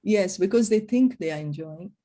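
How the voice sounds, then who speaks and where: A woman teaching a scripture class, explaining verses and telling stories with gentle emphasis. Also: mid-range voice, animated, normal speed.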